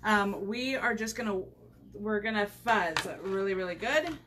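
A woman's voice: medium pitch, measured pace, background noise. A woman chatting casually while demonstrating a craft on a livestream, rambling with many fillers, recorded at home on the camera mic.

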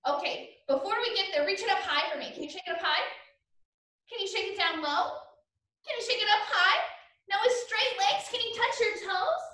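A woman's voice: very high-pitched, expressive, a little fast, sharp tone. A woman teaching an online children's dance class with an upbeat, encouraging, sing-song way of coaching. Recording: roomy echo, mic at a distance.

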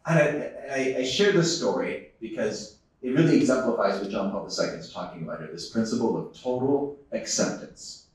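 A man's voice: lowish voice, animated, a little fast, a little mellow. A man giving a conference talk to a live audience. He tells a story earnestly, laughs often and restarts his sentences. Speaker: conference speaker. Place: large conference hall. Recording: echoey hall, distant microphone.

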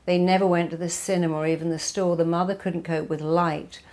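A woman therapist speaks in a fairly low register, giving a motivational talk. She is emphatic and drives her points home with repeated lists. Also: flat delivery, brisk, a little mellow.

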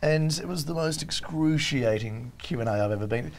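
A man's voice: fairly high pitch, moderate pace, gravelly, slight background noise. A male comedian guest in a TV studio, telling wry anecdotes in casual chat. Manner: wry storyteller, mimics people in anecdotes.

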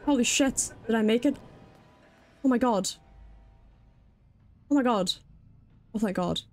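A woman's voice: fairly high pitch, normal speed, darkish tone, faint music behind. A British woman streaming a video game live, jumpy and swearing freely as she comments and talks to her chat.

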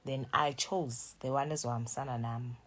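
A South African woman in her thirties venting in a casual vlog, animated and switching between languages mid-sentence. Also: rumbling low, a little fast, very noisy. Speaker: YouTuber.

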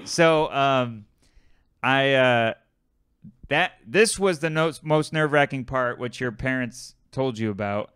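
A man's voice: medium pitch, slow pace, a bit bright, clean tone, no room sound, studio quality. A man co-hosting a podcast, telling a story in casual chat and acting out the people in it. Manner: storytelling, riffing with quoted voices. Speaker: podcast co-host.

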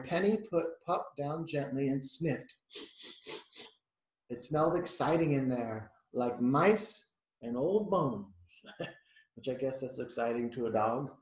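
In a reverberant space and a rough recording, a slightly high-voiced male teacher reads a picture book to children. Chatty throughout, he breaks off to explain the pictures and quiz the kids.

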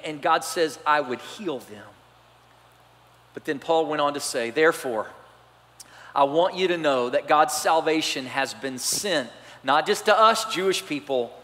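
Preaching man in an echoey church. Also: a little high. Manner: animated preaching, swings from loud to soft. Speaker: pastor. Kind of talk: sermon. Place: church sanctuary. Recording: church hall reverb.

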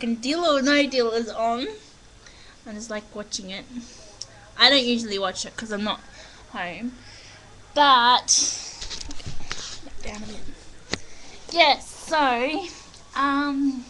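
A woman's voice: on the high side, sharp tone, a little hiss or hum, low-quality recording. A young Australian woman chatting casually on a home webcam in her living room, talking in a put-on American accent, rambling and giggly. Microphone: built-in webcam mic.

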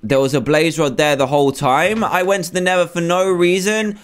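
A man in his twenties giving animated, self-mocking commentary on his Minecraft survival game, talking to himself as he plays. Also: fairly high pitch, normal speed, clean tone. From England. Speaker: gaming YouTuber. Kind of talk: Minecraft let's play commentary.

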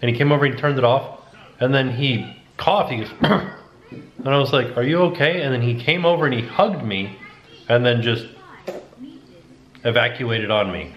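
A man co-hosting a home vlog, telling stories in a relaxed, casual way. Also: mid-range voice, normal speed, long pauses, a little hiss or hum. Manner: relaxed storytelling with quoted asides. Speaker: vlog co-host and father. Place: family home. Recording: echoey home room.

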